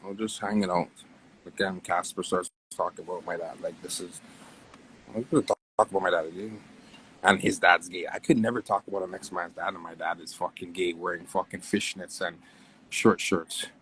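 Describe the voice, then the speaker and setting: A young man, ranting profanely on a phone livestream, his voice jumping wildly between low and high. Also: moderate pace, husky, poor audio. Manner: profane, animated, wild pitch swings. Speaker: livestream host. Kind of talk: casual livestream rant.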